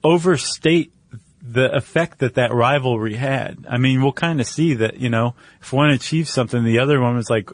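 A man's voice: mid-range voice, normal speed, no room sound. A man co-hosting a casual podcast chat, joking and loose, with plenty of fillers. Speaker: podcast co-host.

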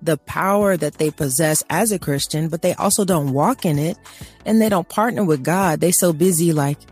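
A woman co-hosts a faith talk show, launching into an animated, preaching-style rant with emphasis, acting out little dialogues and tossing in laughing asides. Her voice sits low and sounds darkish and slightly rough at a normal speed, with faint music in the background.

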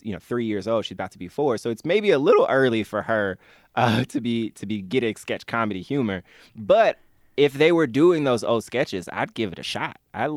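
A man's voice: medium pitch, dry recording, studio quality. A man in his thirties chatting as an interview guest, enthusiastic and rambling, laughing often. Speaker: guest, comedy fan. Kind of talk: casual interview chat.

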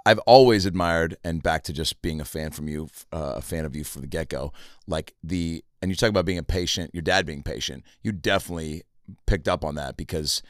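A man's voice: very deep voice, a little fast, no room sound, clean studio sound. A man hosting a casual comedy podcast, telling stories with lots of fillers like "like" and "you know". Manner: filler-heavy, animated storytelling.

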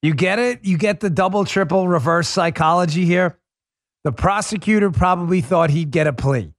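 Emphatic high-voiced male podcast host. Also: normal speed, dry recording, studio quality. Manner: emphatic, conversational, repeats for stress. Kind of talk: opinion commentary monologue.

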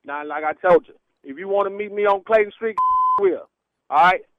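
Prank call target, male, dismissive and swearing, high voice, dead-dry muffled phone sound. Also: normal speed, no room sound.

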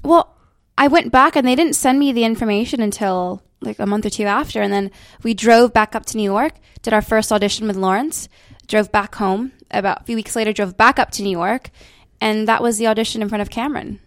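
A young adult woman with a slight British inflection, telling stories in a bubbly, animated way as an interview guest. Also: fairly high pitch, brisk, no room sound. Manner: bubbly, animated storytelling with laughs. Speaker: guest, stage actress. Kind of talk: casual interview chat.

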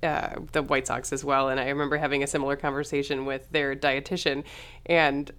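A woman with a low-pitched voice co-hosts a podcast in relaxed, casual chat. She is chatty and laughs easily, and she often acts out little quotes in lively voices. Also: a little fast, clean tone.

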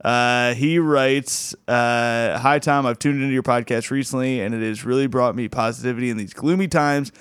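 A man hosting a comedy podcast in a relaxed, chatty way, chuckling often between thoughts. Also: mid-range voice, moderate pace, few pauses, clean tone, dry recording. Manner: laid-back, chuckles often, restarts. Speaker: podcast host. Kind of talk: casual podcast chat.

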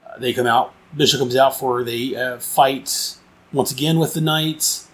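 A man's voice: medium pitch, fairly even intonation, measured pace, fairly bright tone. A man casually reviewing a comic book, rambling and enthusiastic, with frequent restarts and fillers.

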